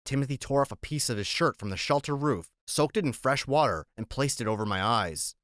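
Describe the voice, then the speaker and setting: A man reads a novel aloud at a measured, even pace, with a voice of middle pitch. The sound is dry and close, with no room around it. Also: dry recording. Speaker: audiobook narrator. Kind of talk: audiobook narration.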